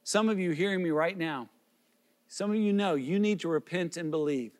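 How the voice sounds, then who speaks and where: A man's voice: high voice, normal speed, darkish tone, long reverb tail. A man preaching as a pastor, earnest and pleading, with repeated questions and small restarts. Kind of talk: sermon.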